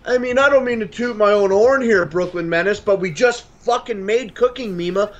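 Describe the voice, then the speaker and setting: A man's voice: high-pitched, normal speed, muffled recording. A man from Canada, a guest in casual chat, swearing a lot and joking in a mock Aussie accent.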